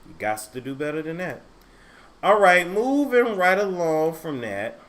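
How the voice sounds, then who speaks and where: Blunt, animated male gossip host. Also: a little high, unhurried. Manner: blunt, crude, teasing; talks straight to the camera and the live chat. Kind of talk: casual gossip commentary.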